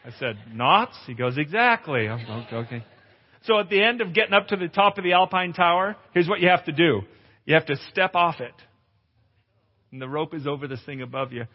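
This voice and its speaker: A male pastor giving a testimonial sermon at a conference, an animated storyteller who acts out dialogue and exclaims loudly. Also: on the high side, fast. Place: conference hall. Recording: echoey hall, dull lo-fi sound.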